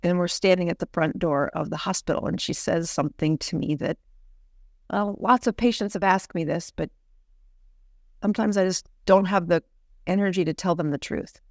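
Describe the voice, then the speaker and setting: A physician guest from the U.S., middle-aged, tells a personal story with earnest conviction and many "you know" restarts. She speaks at normal speed in a fairly low voice, on clean studio audio with no room sound.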